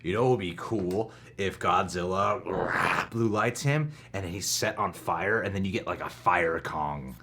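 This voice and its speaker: Young man, movie reaction host, casual chat, very lively intonation, teasing, laughs often. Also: low voice, unhurried, few pauses, heavy background noise.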